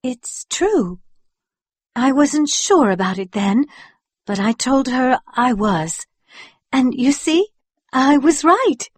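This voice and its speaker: A woman voicing a gentle, quietly determined young wife in a dry audiobook reading. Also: high voice, very animated, takes it slowly, long pauses, husky, no echo, full character voice. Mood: earnest. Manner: soft and gentle.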